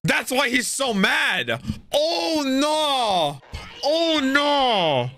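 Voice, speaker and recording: Animated, exclaiming young reaction host. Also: high voice, drawn-out words, soft background music. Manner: loud, exclaiming, swears often. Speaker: anime reaction channel host. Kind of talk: excited reaction commentary.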